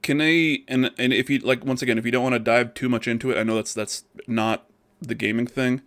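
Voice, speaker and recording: A man hosting a podcast, casual and jokey, quick to laugh while he chats with his guest. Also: medium pitch, fairly even intonation, a bit bright. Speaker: podcast host. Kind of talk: casual interview chat.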